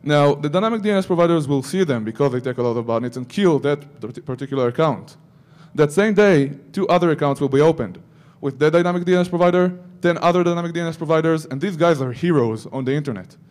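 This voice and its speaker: A man's voice: a little high, fast talker, hardly any pauses, a little mellow. A man giving a security conference talk, breaking into joking asides to the audience. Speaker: conference speaker.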